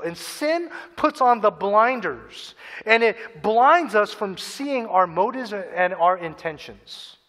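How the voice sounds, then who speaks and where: An earnest male preacher delivering a sermon, his voice pitched high and ringing bright. He acts out people's inner voices and repeats key phrases for emphasis. A long reverb trails behind him in a large hall. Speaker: pastor.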